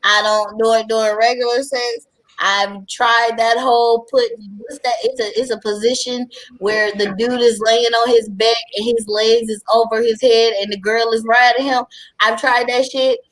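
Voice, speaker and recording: A woman co-hosting an explicit group chat show, talking bluntly and loudly with lots of profanity. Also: on the high side, flat delivery, moderate pace, poor audio. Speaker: podcast co-host.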